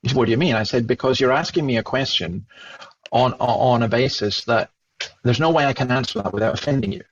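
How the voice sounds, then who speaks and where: A man with a Scottish accent, a guest telling a lively story and acting out the dialogue he remembers. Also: mid-range voice, fairly quick, dull audio. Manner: animated, acts out remembered dialogue. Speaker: Christian speaker and guest. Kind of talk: storytelling in conversation.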